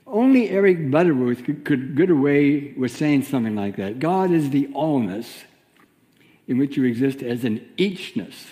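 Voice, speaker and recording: A man giving a sermon as a minister, teaching in a gentle, reflective way with pauses. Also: medium pitch, in a large hall.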